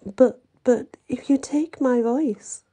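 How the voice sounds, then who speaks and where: A woman's voice: sits high, slow pace, dark tone, husky, pitched above the performer's own voice, heavily acted. Woman doing a frightened young mermaid princess. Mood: fearful.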